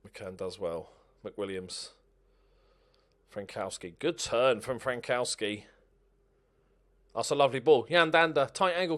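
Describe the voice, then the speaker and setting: A man giving casual, excitable commentary over a game, talking to himself and swearing. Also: mid-range voice, takes it slowly, pauses often, a little hiss or hum.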